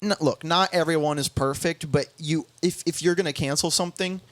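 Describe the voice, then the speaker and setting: A young man hosting a podcast, telling a story in casual chat, halting with many restarts and quoting others in bouncy voices. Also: on the high side, fairly bright tone, no echo. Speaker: podcast host.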